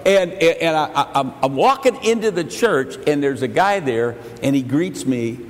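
A male pastor preaching a sermon. He stumbles over repeated words and swings between loud and soft. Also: on the high side, animated, moderate pace, big-room sound. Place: church sanctuary.

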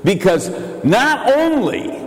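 An older male pastor preaching a sermon, swinging between shouted declarations and quiet, confiding asides. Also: extremely high pitch, big pitch swings, slow. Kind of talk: evangelical sermon. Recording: echoey church hall.

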